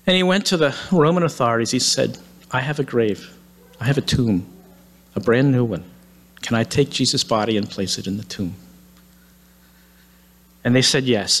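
A man's voice: mid-range voice, fairly bright tone. A man preaching, retelling a story dramatically and acting out the quoted lines. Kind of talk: sermon storytelling. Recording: long hall reverb.

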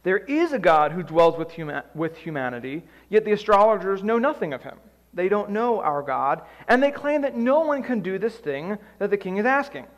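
A man preaching a sermon as pastor, animated and playful, acting out the story's scenes in quick voices. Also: high voice, in a large hall, highs cut off.

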